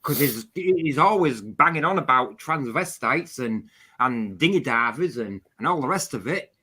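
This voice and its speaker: Bright-voiced man ranting on a live chat. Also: medium pitch, lively intonation, moderate pace, slightly rough. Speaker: guest streamer. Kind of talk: casual chat.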